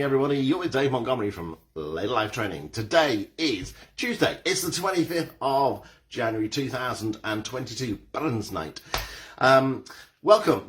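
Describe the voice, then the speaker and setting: A middle-aged man, leading a live-streamed exercise class and cheerily greeting viewers by name. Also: mid-range voice. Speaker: fitness instructor.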